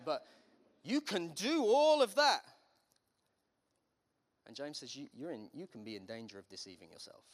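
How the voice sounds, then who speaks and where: A man's voice: medium pitch, fairly bright tone. A man preaching a sermon as pastor, in a conversational way with humorous asides.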